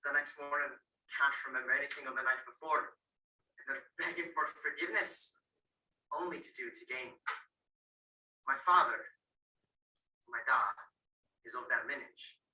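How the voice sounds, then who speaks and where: A man's voice: medium pitch, moderate pace, pauses often. A young man playing a frightened Irish boy, distant roomy sound. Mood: bitter. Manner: intense, shifting between hushed and loud. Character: Irish boy recalling his violent drunken father. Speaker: student competitor. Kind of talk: dramatic solo monologue. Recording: roomy, far from the mic.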